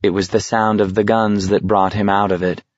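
A man narrating an audiobook in a measured, steady reading voice. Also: fairly low pitch, dry recording. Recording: dull lo-fi recording.

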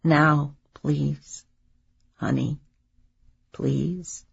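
A woman voicing a dying older mother who speaks quietly and decisively. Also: sits low, steady tone, drawn-out words, vocal fry, husky, lo-fi sound, heavily acted. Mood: whispering. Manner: quiet, whispery.

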